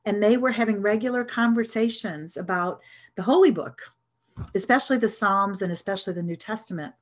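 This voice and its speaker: A middle-aged woman tells a personal story at a mid pitch. She speaks earnestly and reflectively. She often stops and restarts her sentences. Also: brisk. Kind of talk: storytelling talk.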